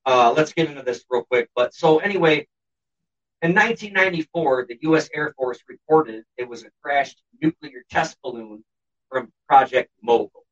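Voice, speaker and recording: In distant, dull lo-fi audio, a man of medium pitch and slightly bright tone talks at a moderate pace. He's a co-host on a casual podcast, recounting a story with blunt sarcasm and constant swearing.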